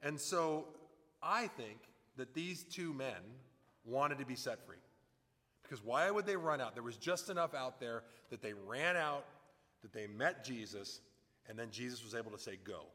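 A man's voice: mid-range voice, animated, moderate pace, bright, forceful tone, in a large hall. A man preaching a sermon in a conversational way, often acting out the voices of people in his stories. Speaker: pastor.

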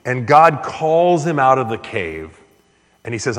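Male pastor, mid-pitched voice, preaching with earnest build-ups, long hall reverb. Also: sing-song, unhurried. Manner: earnest, surges louder and higher on key points. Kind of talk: sermon.

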